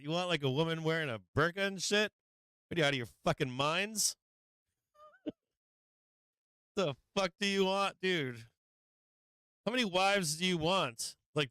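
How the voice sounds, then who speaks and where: A man's voice: fairly high pitch, bright, forceful tone, smooth, no echo. A man hosting a live stream, ranting casually with lots of swearing and frequent laughs. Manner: profane, laughing often, rambling.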